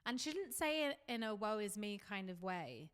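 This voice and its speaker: A woman's voice: medium pitch, sing-song, moderate pace, clear, resonant tone. A young adult woman, co-hosting a podcast in a candid, sweary, chatty way. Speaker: podcast co-host. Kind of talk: casual chat.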